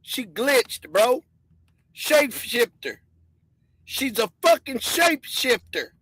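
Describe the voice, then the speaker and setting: A middle-aged woman giving a loud, excitable, repetitive conspiracy commentary. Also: high voice, takes it slowly, breathy edge, no echo, low-quality recording. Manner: emphatic, preachy. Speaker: commentary streamer.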